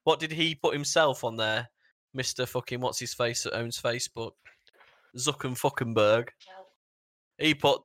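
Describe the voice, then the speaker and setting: A man's voice: medium pitch, normal speed, a bit bright, no room sound, studio quality. A man hosting a casual chat among friends, cracking jokes and swearing freely. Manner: joking, swearing banter. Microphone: own headset mic.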